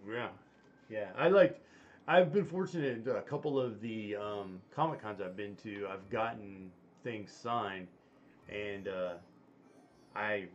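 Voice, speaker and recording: A man's voice: lowish voice, slow, highs cut off, slight background noise. A man hosting a casual chat, talking in a rambling way with many fillers and restarts. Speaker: stream host.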